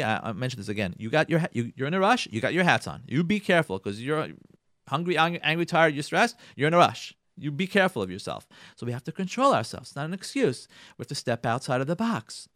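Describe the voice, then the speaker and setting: A rabbi giving a radio talk on marriage, animated, acting out quoted lines and repeating himself. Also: male voice, mid-range voice, no room sound, clean studio sound.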